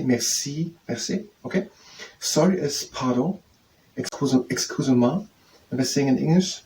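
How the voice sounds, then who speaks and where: A man works through basic French phrases, sounding each one out slowly and repeating it again and again as he thinks aloud. His voice sits at an ordinary middle pitch. He is picked up by a mic set some way off, with a faint hum of noise behind him. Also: darkish tone, distant mic, poor audio. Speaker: language learner teaching himself.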